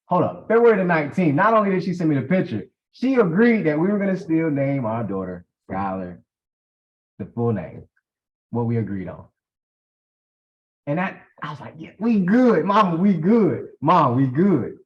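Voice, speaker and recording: A man's voice: moderate pace, pauses often. A man, telling a personal story as a guest, emphatic and acting out the dialogue. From South Carolina. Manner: animated, emphatic, acts out dialogue with big pitch swings. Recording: dull lo-fi audio.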